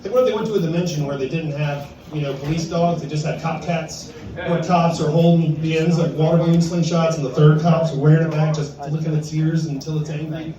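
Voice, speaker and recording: A man's voice: on the high side, fairly even intonation, fairly quick, crowd noise. A man in his fifties doing a stand-up set at an open mic in a bar-restaurant, self-deprecating and chuckling at his own jokes. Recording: echoey room, distant and dull.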